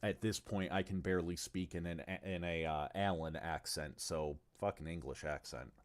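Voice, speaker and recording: A man's voice: low voice, moderate pace. A man chatting casually on a livestream about the tabletop game he is designing, rambling and swearing freely, with frequent stumbles and asides. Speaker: game designer presenting his tabletop game on stream.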